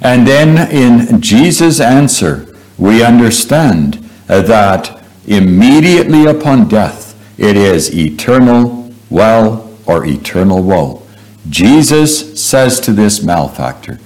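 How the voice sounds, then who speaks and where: A man preaching a sermon, slow and deliberate, pausing often and breaking in with heartfelt exclamations. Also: on the low side, sing-song, darkish tone, rough recording.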